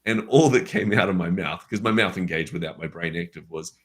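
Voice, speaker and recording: Speaking a little fast, this deep-voiced New Zealander shares a personal story as a guest in a laid-back conversation. He's lively in the telling and acts out the lines he recalls.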